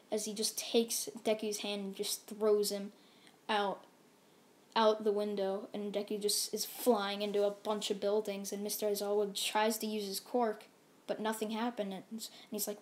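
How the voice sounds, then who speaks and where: A woman's voice: mid-range voice, level tone, moderate pace, a little mellow. A woman casually narrating a fan-made story, rambling and full of fillers.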